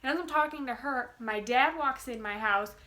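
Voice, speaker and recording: A young woman vlogging in a bright, fairly high voice, gushing with giddy excitement. She rambles and restarts, packing her chat with fillers like "um" and "like.". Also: moderate pace. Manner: bubbly, gushing, many fillers. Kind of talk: casual chat to camera.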